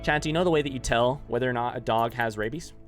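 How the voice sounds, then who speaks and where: Guy streaming a game, mid pitched, rambling through a story to chat, bit of music in the back. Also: fast. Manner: rambling, animated anecdote telling with asides to chat. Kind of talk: casual storytelling while streaming gameplay.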